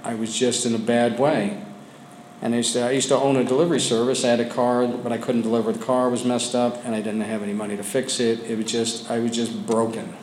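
This is personal testimony: a man opens up to a men's support group in a meeting room, his delivery flat, hesitant, and full of restarts, occasionally falling to a quiet murmur. The echoey recording has faint ambience plus a little hiss or hum.

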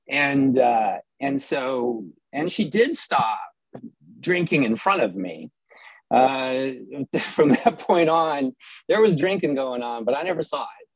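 A man's voice: medium pitch, animated, slow pace, no echo, poor audio. A middle-aged man from Southern California telling a personal story with wry, self-mocking humor and frequent restarts.

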